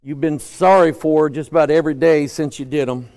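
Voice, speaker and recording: A man preaching a sermon as pastor, at times raising his voice and at times speaking softly and personally. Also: a little high, fairly even intonation, brisk. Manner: preaching loudly then dropping to a soft, personal tone.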